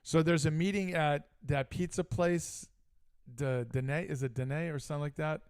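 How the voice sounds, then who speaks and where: A middle-aged man co-hosts a casual sports talk show, retelling a story in an animated, heated way with frequent asides. His voice is smooth and fairly high-pitched, at a normal speed.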